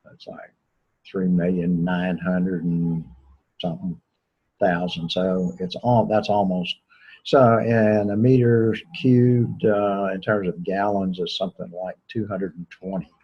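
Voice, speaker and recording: A low-voiced man with a slightly husky tone talks through a technical lecture in an easygoing, conversational manner. He stops often to restart his sentences with fillers. The recording sounds dull and lo-fi. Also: flat delivery, unhurried. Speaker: engineering lecturer.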